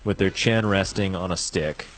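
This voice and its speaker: A man's voice: sits low, normal speed, slight background noise. A man co-hosting a podcast in casual banter, playing jokes mock-seriously. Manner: mock-serious, goes along with the bit. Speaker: podcast co-host.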